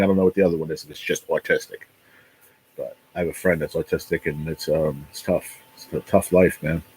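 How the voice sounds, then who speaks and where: A man's voice: low-pitched, husky, poor audio. A man in his late forties, hosting a casual livestream, talking bluntly, swearing a lot and repeating himself. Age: 40s. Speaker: livestream host.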